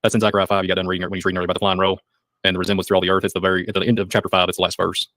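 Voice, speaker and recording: A man co-hosting a casual religious podcast, talking quickly and excitedly, with sarcastic asides and muttered trail-offs. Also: low-pitched, no echo. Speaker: podcast co-host.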